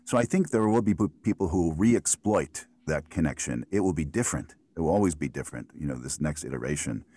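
A man's voice: very deep voice, expressive, quick pace, warm tone, no echo. A middle-aged American man who works as a voiceover artist, talking at ease in an interview and giving thoughtful, rambling answers full of restarts and fillers. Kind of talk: relaxed conversational interview.

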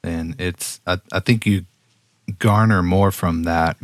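Very deep-voiced podcast co-host. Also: male voice, steady tone, takes it slowly, no echo. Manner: laid-back, chuckling asides and musing comments. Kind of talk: casual recap chat.

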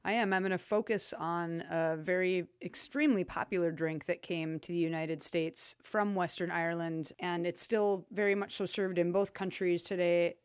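A woman sommelier co-hosting a podcast in casual chat, talking in a chatty, animated way with loose asides and laughter. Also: lowish voice, normal speed, hardly any pauses, clear, resonant tone, dry recording, studio quality.

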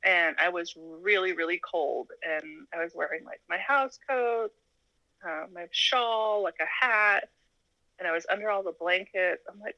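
A woman's voice: fairly low pitch, normal speed, no room sound, highs cut off. A woman from Alaska, a podcast guest, telling her personal story casually and acting out what people said, with frequent laughter. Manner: animated, laughs often, acts out quoted dialogue. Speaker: interview guest.

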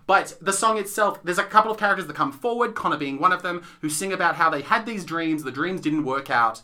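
A man's voice: on the high side, a little fast, sharp tone. An Australian man co-hosting a theatre podcast, chatting casually, giggling and rambling with lots of "like". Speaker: podcast co-host, theatre reviewer. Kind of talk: casual chat.

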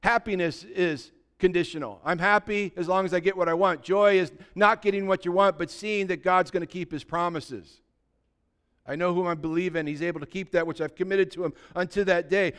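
A male pastor preaches a sermon in a high, clear, ringing voice. He exhorts the congregation and swings from hushed asides to loud, fervent calls. He slips in humorous remarks along the way. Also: steady tone, a little fast.

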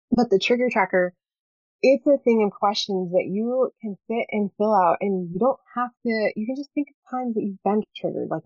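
A woman's voice: fairly low pitch, dry recording. A woman in her thirties, a parenting coach chatting as a guest, earnest and talkative with lots of fillers. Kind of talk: casual interview chat. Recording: dry, slightly dull lo-fi sound.

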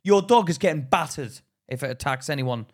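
A man's voice: a little high, expressive, fairly quick. A young man from Northern Ireland with a Northern Irish accent, co-hosting a podcast and ranting bluntly with heavy swearing. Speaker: podcast co-host. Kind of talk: casual banter.

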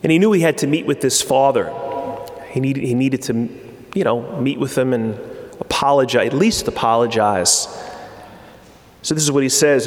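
A man's voice: medium pitch, normal speed. A man giving an earnest sermon, often restarting his phrases and reading passages aloud. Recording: echoey hall with long reverb.

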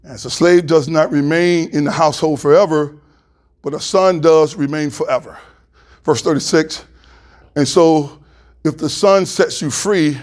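Reading scripture aloud, a pastor delivers a sermon, his voice growing louder and higher whenever he wants to drive a point home.

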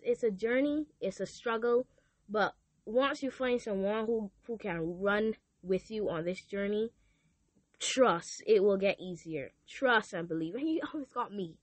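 A woman's voice: medium pitch, no echo. A teenage girl hosting a podcast, speaking earnestly and confessionally in a casual talk about faith. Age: teens. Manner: earnest, confessional, animated quoting. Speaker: podcast host.

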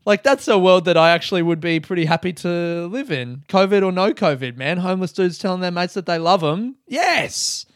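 A man's voice: sits high, brisk, hardly any pauses, smooth, dry recording, studio quality. Swearing Australian man rambling storytelling. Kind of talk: casual solo monologue.

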